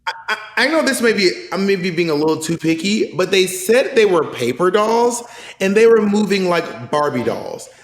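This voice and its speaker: Southern man, chatty and animated. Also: sits high, reverberant. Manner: animated, quick to joke and tease. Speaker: podcast co-host. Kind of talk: casual chat.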